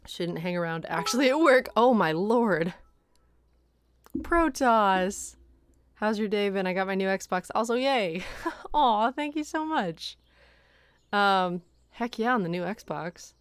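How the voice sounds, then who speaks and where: In a casual livestream from her room, a streamer and voice actor laughs often and thanks viewers, her voice worn at the end of the day. She speaks slowly yet animatedly in a medium pitch, with a clean tone and no room sound.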